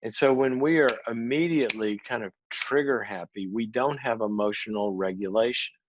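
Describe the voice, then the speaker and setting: A man giving a conversational teaching talk, an animated storyteller who acts out the people he quotes. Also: medium pitch, moderate pace, highs cut off, noisy background. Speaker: psychologist and speaker.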